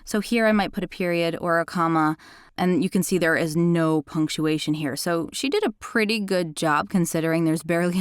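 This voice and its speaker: A woman who narrates audiobooks walks through a software tool in a chatty, enthusiastic tutorial. Her voice sits fairly low for a woman. The recording is dry and close. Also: clean tone, dry recording. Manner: chatty and enthusiastic, self-described critical listener.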